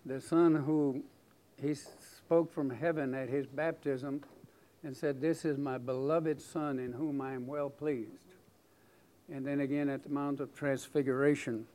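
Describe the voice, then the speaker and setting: A man's voice: on the high side, mellow. A man preaching a sermon in a conversational, folksy way, with frequent fillers and restarts.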